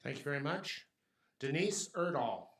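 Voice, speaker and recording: A man's voice: fairly high pitch, lively intonation, moderate pace, breathy edge. A man chairing a city council meeting, announcing procedure and correcting himself as he goes.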